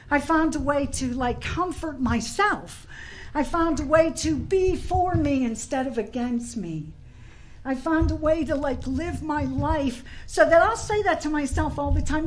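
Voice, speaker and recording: A woman from Pittsburgh giving a personal recovery talk, animated and laughing, shouting at peaks, then soft and earnest. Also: high-pitched, a little hiss or hum, poor audio. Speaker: recovery meeting speaker. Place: convention hall.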